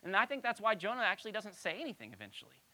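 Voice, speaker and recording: A woman's voice: mid-range voice, big pitch swings, very fast, bright, forceful tone. A woman pastor giving a conversational Bible-teaching sermon, asking her listeners rhetorical questions.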